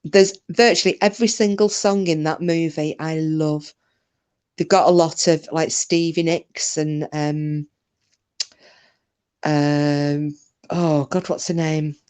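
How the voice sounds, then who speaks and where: A woman's voice: low voice, fairly even intonation, takes it slowly, a little mellow, clean tone. A British woman hosting a live stream, rambling chattily and answering viewers' comments by name. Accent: British English. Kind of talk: casual live-stream chat.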